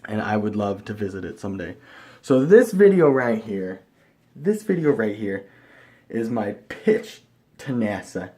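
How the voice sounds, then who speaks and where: A young man from the area, rambling excitedly to camera in a casual vlog, bursting into loud enthusiasm then dropping to mumbled asides. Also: lowish voice, normal speed. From Chicago area, USA. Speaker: vlogger.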